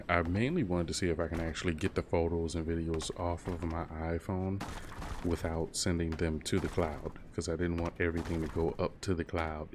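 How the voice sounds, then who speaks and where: A man's voice: deep voice, slight background noise. A man in his thirties chatting casually while gaming on a stream, rambling and laid-back. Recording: keyboard clicks and typing behind.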